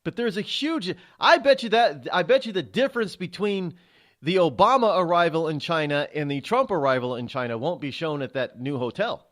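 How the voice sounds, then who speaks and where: A man's voice: a little high, animated, normal speed, fairly bright tone. A male talk show host giving sarcastic, emphatic political commentary.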